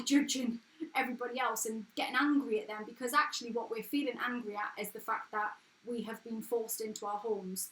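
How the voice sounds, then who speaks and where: Woman in her 30s, down-to-earth English accent, earnest and frank live-stream host, slightly high voice. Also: fairly bright tone. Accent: English, not posh. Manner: frank, earnest and chatty, with restarts and swearing. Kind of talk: casual motivational live chat. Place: at home. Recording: echoey room.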